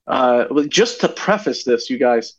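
A young man appears as a podcast guest, animatedly telling a story in casual chat and acting out the dialogue as he goes. His husky voice is medium-pitched and measured, and the sound is lo-fi.

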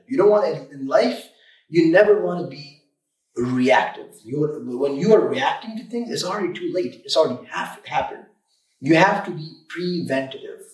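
A man who owns an auto repair shop, talking in an energetic, emphatic way on a podcast and often repeating words. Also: medium pitch, reverberant, distant mic, rough recording. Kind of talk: casual podcast chat. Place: room, recording a podcast.

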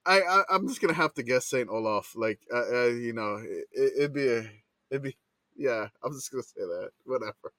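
Co-host, male, animated pitch, dry close mic, laughs easily. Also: a little fast, no room sound. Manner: laughs a lot, hesitant restarts. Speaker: podcast co-host. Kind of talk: casual chat.

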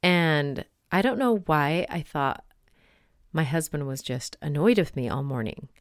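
A woman's voice: sits low, expressive, measured pace, no echo, clean studio sound. A woman host chatting casually and telling stories, full of fillers, sometimes reading a passage aloud. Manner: chatty, storytelling with many fillers. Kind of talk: casual reflective monologue with read-aloud story.

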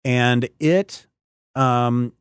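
A man's voice: medium pitch, fairly even intonation, very slow, clean tone, no room sound, clean studio sound. A man hosting a podcast in casual chat, rambling and searching aloud for names and details. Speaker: podcast host.

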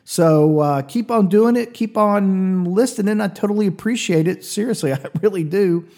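A man's voice: sits high, normal speed, mellow. A man hosting a podcast, telling a comic story in a chatty way, with confiding asides to the listener. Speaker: podcast host.

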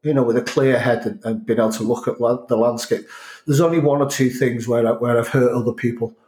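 A man's voice: medium pitch, fairly even intonation, fairly quick, darkish tone. Reflective North Wales man, echoey room. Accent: North Wales with Scouse and Manchester touches. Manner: reflective, rambling with many restarts. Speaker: interview guest. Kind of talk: casual conversation.

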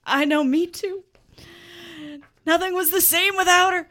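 A woman's voice: very high-pitched, measured pace, pushed and bright. A woman co-hosting a comedy show and giving a hammy, melodramatic reading. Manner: hammy and melodramatic, breaks into laughter. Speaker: podcast co-host reading fan fiction aloud.

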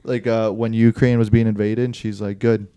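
A man co-hosting a casual chat, swearing freely and quoting people in animated bursts. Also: fairly low pitch, normal speed, clear, resonant tone.

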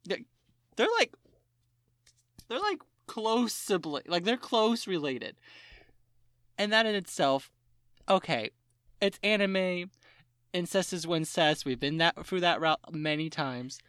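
Podcast cohost going off, swears a ton, does mocking voices, mid pitch, dry sound. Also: slow, pauses often, dry recording. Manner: animated ranting with profanity and mock quotes. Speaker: podcast co-host. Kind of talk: casual chat.

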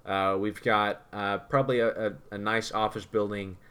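A man's voice: on the low side, flat delivery, normal speed, fairly bright tone, clean tone. A man co-hosting a podcast in casual chat, rambling and repeating words as he thinks. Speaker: podcast co-host.

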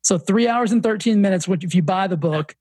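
High-voiced Southern man, animated storyteller. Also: fairly quick, husky, dry recording. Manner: animated storyteller, many restarts. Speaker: guest, fitness coach and author. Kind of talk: casual podcast interview.

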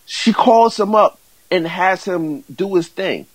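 A man being interviewed about the artists he manages, stumbling through restarts before warming into an eager sales pitch. His voice is a little high for a man. The sound is dry and close to the mic. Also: dry recording, low-quality recording. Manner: halting, many fillers and restarts, then builds to enthusiastic pitching. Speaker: music management company owner, guest. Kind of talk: casual interview answers.

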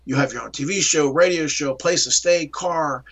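Speaking at a moderate pace in a slightly high voice, a middle-aged man from around Pittsburgh shares his story as an interview guest. He's animated and voices the dialogue as he goes.

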